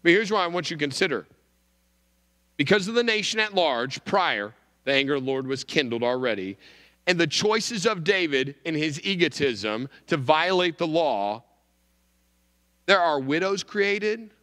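A male pastor giving a sermon, emphatic, with wide swings in pitch and volume. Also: very animated, unhurried, a bit bright, in a large hall.

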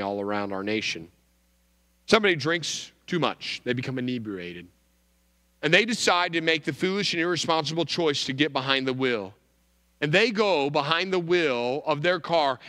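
A male pastor giving a sermon, emphatic, with wide swings in pitch and volume. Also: sharp tone, long reverb tail.

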